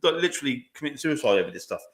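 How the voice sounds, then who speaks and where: A man, talking fast and emphatically in a casual podcast chat, swearing often and calling his listener "mate". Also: mid-range voice, big pitch swings, fairly bright tone. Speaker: podcast co-host.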